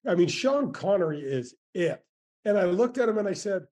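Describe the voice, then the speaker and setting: A man in his sixties, a former tour golfer, telling stories in a casual interview with lively warmth and frequent restarts. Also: fairly high pitch, a little fast. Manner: animated, grateful storyteller with many restarts.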